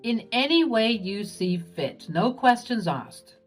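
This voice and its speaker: A woman voicing a gentle young husband who talks in a soft, measured, coaxing way. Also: a little high, sing-song, soft background music, full character voice.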